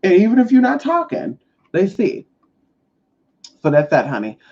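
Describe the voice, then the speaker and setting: A woman's voice: medium pitch, normal speed, breathy edge, muffled recording. A woman hosting a live stream as a spiritual advisor, talking bluntly and with heavy swearing, often acting out other people's lines. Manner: blunt and profane, with lively acted-out quotes. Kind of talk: casual live-stream talk.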